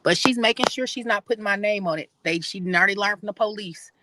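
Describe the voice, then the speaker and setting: A woman calls in as a guest on a live stream, her voice sitting in a middle register. She explains things plainly and matter-of-factly, with clear noise hissing along on the line. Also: mid-range voice, quick pace. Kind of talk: casual live-stream chat.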